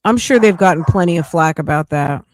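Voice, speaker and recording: A woman's voice: sits low, expressive, a little fast, no echo, clean studio sound. A woman hosting a casual live commentary stream, chatty and incredulous, often laughing. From United States. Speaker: livestream commentary host.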